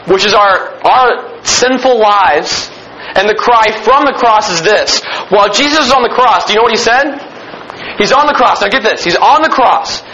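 A man preaching a sermon with emphatic delivery, repeating key phrases and slowing down to stress them. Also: sits high, bright, forceful tone, dull audio, slight background noise. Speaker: pastor.

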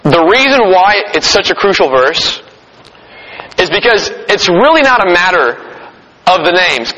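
Bright, husky preacher in an echoing hall. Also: male voice, sits high, very animated, unhurried, muffled recording. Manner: conversational, jokes with the audience. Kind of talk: sermon.

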